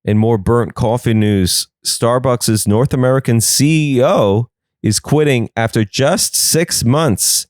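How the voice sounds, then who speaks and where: A man's voice: mid-range voice, takes it slowly, darkish tone, no room sound, clean studio sound. A young man hosting a comedy podcast, riffing sarcastically on the news and slipping into silly voices.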